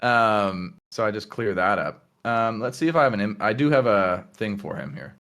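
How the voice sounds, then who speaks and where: Game master man narrating a tabletop scene. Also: fairly low pitch. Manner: halting, many fillers, lively character voices.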